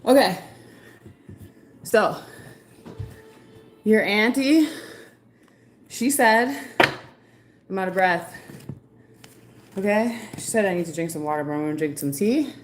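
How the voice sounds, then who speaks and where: A woman's voice: mid-range voice, unhurried, pauses often, a little hiss or hum. A woman giving a chatty, rambling live-stream card reading, passing on messages from spirits. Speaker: psychic card reader.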